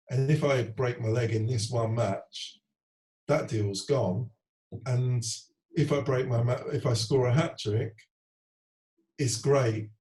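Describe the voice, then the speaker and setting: A man in his forties speaks candidly in an interview, going back over his career as a footballer. His voice sits a little low and sounds mellow and dark. He tells it earnestly and slips into other people's voices as he quotes them. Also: rough recording.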